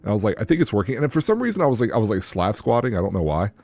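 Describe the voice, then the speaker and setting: Deep-voiced fast-talking man. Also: sing-song, a little mellow. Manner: rambling, profane storytelling with restarts. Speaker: podcast co-host. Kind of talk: casual chat among friends.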